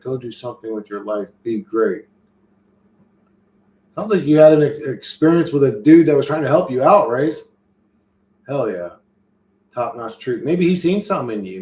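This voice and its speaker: A man's voice: mid-range voice, darkish tone. A man hosting a stream, telling a rambling story in loose, profane street slang with many restarts and reading out chat comments. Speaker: livestream host reading chat. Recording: roomy echo.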